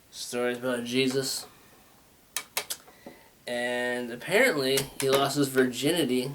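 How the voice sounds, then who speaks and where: Male host, casual stoner-ish ramble, stutters a bit, mid pitch, noisy lo-fi recording. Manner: rambling, laid-back, swears and laughs often; says he has a stutter. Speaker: talk show host. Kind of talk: rambling solo monologue.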